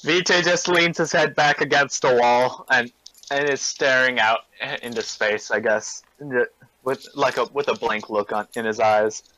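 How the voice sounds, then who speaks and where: A man's voice: medium pitch, steady tone, unhurried, sharp tone, a little hiss or hum, rough recording. A man playing in a tabletop game, talking casually and hesitantly, often restarting his sentences. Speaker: player. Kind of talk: casual tabletop role-play chat.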